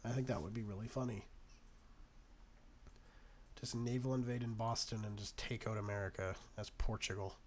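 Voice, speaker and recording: A man's voice: fairly low pitch, steady tone, moderate pace, pauses often, a little hiss or hum. A young man giving casual let's-play commentary on a strategy game, sarcastic and exasperated, talking to the nations on screen. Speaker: gaming YouTuber.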